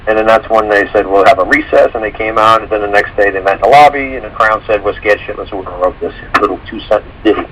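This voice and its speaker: A man's voice: fairly low pitch, quick pace, few pauses, a bit bright, a little hiss or hum, rough recording. A man talking casually on a radio show, rambling through stories, acting out quotes and swearing freely. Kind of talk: casual call-in radio talk.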